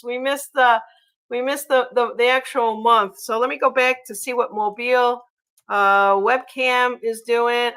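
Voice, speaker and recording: A chatty woman hosts a casual livestream, reading viewer comments aloud. Her voice sits a little high and sounds bright and forceful, and she fills her pauses with ums and uhs. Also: low-quality recording. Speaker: livestream host.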